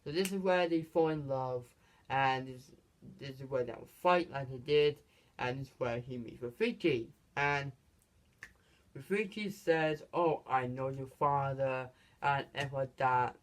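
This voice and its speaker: A channel host retelling a film's plot in a casual, rambling way, stumbling and restarting, leaning on "basically" and "this is where". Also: mid-range voice. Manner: halting, frequent restarts and stumbles. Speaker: movie reviewer. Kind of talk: casual spoken movie review.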